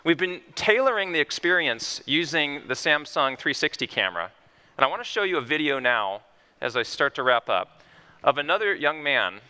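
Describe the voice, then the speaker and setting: Male physician speaker, fairly high bright voice, animated storytelling keynote. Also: normal speed, smooth.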